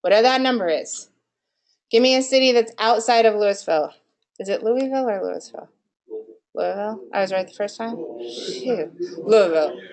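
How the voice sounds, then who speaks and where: Lively woman presenting to a live audience. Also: fairly high pitch, fairly quick. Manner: energetic, quizzes the audience. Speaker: marketing presenter.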